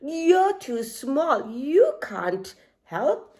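Lady doing a big proud lion in a kids storybook, bit higher and louder, lively. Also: extremely slow, full character voice. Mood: dismissive. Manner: proud, dismissive. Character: boastful strong male lion.

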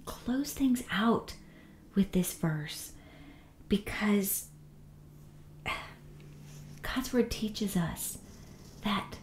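A woman teaching the Bible in a gentle devotional style, often half-whispering with tender warmth. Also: medium pitch, roomy sound, slight background noise.

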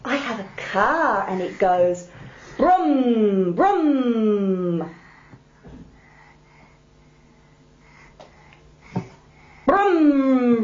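A woman in a listening session with a baby, playfully repeating a toy car's sound. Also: on the high side. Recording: dull clinic recording with noticeable noise.

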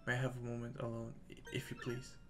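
Give me a man playing a gruff old sailor, a bit higher and louder, formal and blustery. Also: completely flat delivery, fast, music in the background, natural voice. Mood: tender. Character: Admiral Bobbery, gruff grieving old male sailor.

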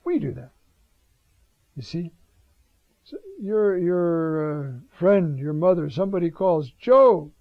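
An older priest preaches in a slow, unhurried way, his voice gravelly and husky. He talks conversationally, keeps asking "you see?" and drops in Hebrew words. The recording is dull and lo-fi. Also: a little high, expressive, dry recording. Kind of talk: homily on scripture.

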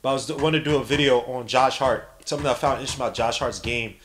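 Racing along in a mid-range voice, a slangy New man provides live play-by-play for his podcast stream, with slight background noise. He's animated, cracks jokes, and reads the chat out loud.

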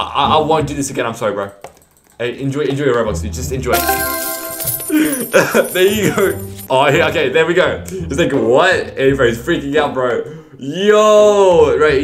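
Man, gaming YouTuber, casual rambling commentary with stammers, mid-pitched, faint music under. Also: moderate pace, a bit bright. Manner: rambling, stammering, repeats 'bro' constantly.

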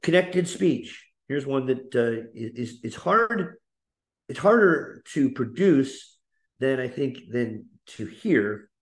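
A man teaching a webinar lesson on speaking, explaining slowly with frequent fillers and restarts. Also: mid-range voice, sing-song. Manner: demonstrates example phrases in a lifted, playful voice.

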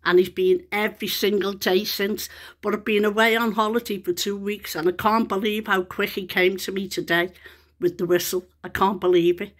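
Woman, middle-aged, excited chatty vlog, outdoors in a garden, phone mic. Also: medium pitch, moderate pace. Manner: excited, chatty, calls to a bird. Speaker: vlogger. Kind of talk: casual home vlog.

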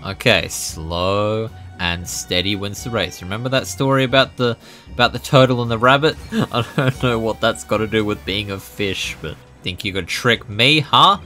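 A young man hosting a gaming channel, giving jokey, excitable commentary that bursts into loud yelps. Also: on the low side, moderate pace, soft background music. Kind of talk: gameplay commentary.

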